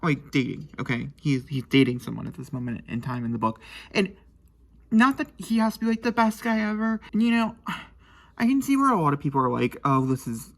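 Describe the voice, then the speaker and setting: A man's voice: fairly high pitch, very animated, brisk, fairly bright tone. A young man rambling emotionally about a novel in a casual reading vlog from his bedroom at night, swearing freely. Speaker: book vlogger.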